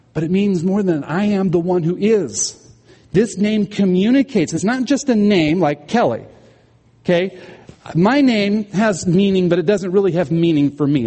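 A man's voice: fairly high pitch, mellow, long reverb tail. A man preaching a sermon as pastor, explaining scripture and asking the congregation questions.

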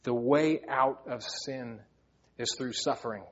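A man's voice: medium pitch, takes it slowly, fairly bright tone. Guy preaching a sermon, earnest and heartfelt, kinda muffled lo-fi audio. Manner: earnest, heartfelt, often repeats words while speaking. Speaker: pastor. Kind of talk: sermon with personal storytelling.

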